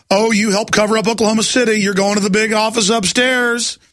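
A man hosts a talk radio show in a high, sharp voice, ranting and mocking with biting sarcasm. The sound is dry and close. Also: steady tone, a little fast, no echo. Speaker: radio host.

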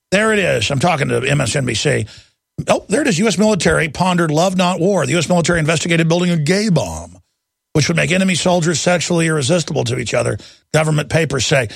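A man's voice: sits high, vocal fry, a bit bright, husky, dry recording, clean studio sound. A man hosting a talk radio show, ranting heatedly from one news item to the next and mocking his critics. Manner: heated, ranting, jumps between news items; mocks opponents in put-on voices.

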